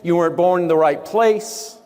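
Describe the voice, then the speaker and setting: A man voicing a hushed spirit that taunts and whispers defeat, in a reverberant hall. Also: high-pitched, moderate pace, clear, resonant tone, close to an everyday voice. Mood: taunting.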